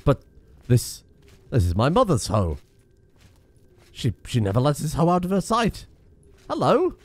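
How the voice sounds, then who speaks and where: Male let's-player, animated and sweary, mid-pitched with a wide, bouncy range. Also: a little slow, no echo. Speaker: let's play gamer. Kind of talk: casual gameplay commentary.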